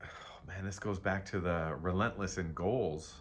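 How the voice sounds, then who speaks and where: Low-voiced guy doing a chatty tarot reading, rambles and stumbles, bit of faint hiss behind. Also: fairly even intonation, measured pace. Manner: rambling, self-interrupting, playful asides. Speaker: tarot reader. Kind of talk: casual spiritual tarot reading.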